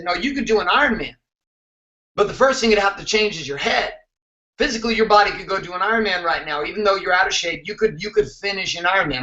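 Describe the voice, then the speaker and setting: A man's voice: high-pitched, sharp tone, roomy sound, muffled recording. A man hosting a motivational show, talking intensely and emphatically, with some swearing. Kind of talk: motivational talk to camera.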